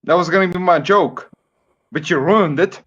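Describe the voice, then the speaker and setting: A man's voice: high-pitched, moderate pace, fairly bright tone, slightly rough, muffled recording. A man from Lithuania with a Lithuanian accent, co-hosting a livestream and insistently pushing a joke. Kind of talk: casual livestream banter.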